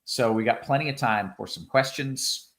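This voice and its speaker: An upbeat man hosts a casual sports betting show with a mid-range voice. He moves quickly between promo reads and viewer questions, laughing easily as he goes. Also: medium pitch, a bit bright, a little hiss or hum. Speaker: host.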